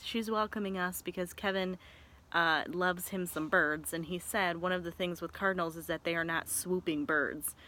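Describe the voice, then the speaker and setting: In a casual vlog, a Michigan woman in her thirties with a fairly low voice tells a story, rambling excitedly and chattily while often correcting herself.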